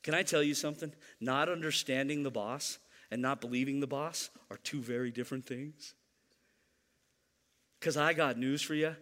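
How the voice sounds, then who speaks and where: A man's voice: medium pitch, normal speed, fairly bright tone, in a large hall. A man preaching a sermon to his church, emphatic and repeating key lines, teasing the congregation now and then. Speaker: pastor.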